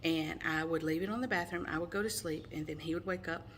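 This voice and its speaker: A woman in her forties with a lowish voice tells her own story straight to the camera. She speaks earnestly, with frequent ums and restarts, and a faint hiss of background noise sits under her voice. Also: fast. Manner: earnest, storytelling with many fillers. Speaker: mother sharing her testimony. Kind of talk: personal testimony to camera.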